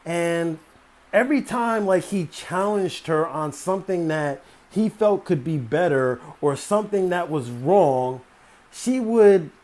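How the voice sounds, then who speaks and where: A motivational speaker tells a story about his days as a store manager, speaking slowly in a fairly high, expressive voice with a darkish tone. His delivery is conversational and emphatic, with many fillers and repeated phrases.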